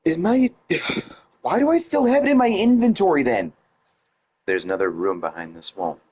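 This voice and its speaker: A man doing gameplay commentary, sarcastic and mocking the game and its heroine, reading the game's text aloud in a quieter voice. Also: fairly high pitch, animated, normal speed, a little hiss or hum. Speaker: let's play commentator.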